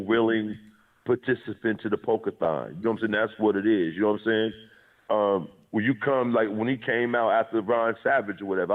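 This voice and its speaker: A man talking in a heated, profane, blunt way as a guest on a call-in chat show. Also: fairly low pitch. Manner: profane, blunt, says he is aggressive and abrasive. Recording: tinny phone-like call line.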